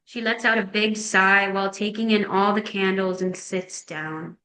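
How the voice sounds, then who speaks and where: A woman's voice: mid-range voice, steady tone, normal speed, pushed and bright. A woman narrating, reading a screenplay's scene and action lines in a plain, descriptive way. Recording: echoey room.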